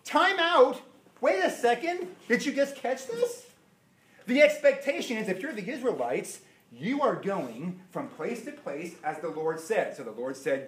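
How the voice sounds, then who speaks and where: A man preaching a sermon, animated and firing rhetorical questions at his listeners. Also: high-pitched, unhurried. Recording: echoey room.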